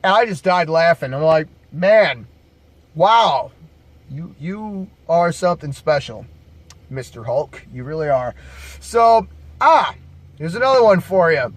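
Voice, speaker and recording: A man's voice: sits high, a bit bright. A man casually telling bar stories to camera as a bouncer, laid-back, profane and jokey.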